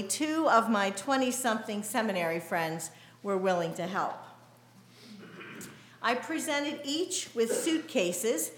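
A middle-aged American woman pastor preaching a sermon in a measured, deliberate way. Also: fairly high pitch, reverberant. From United States.

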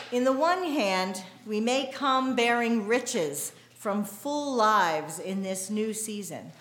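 Slow, measured middle-aged American woman preaching. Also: mid-range voice, fairly bright tone, roomy sound. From United States. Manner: measured, deliberate preaching delivery. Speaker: pastor. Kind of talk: sermon.

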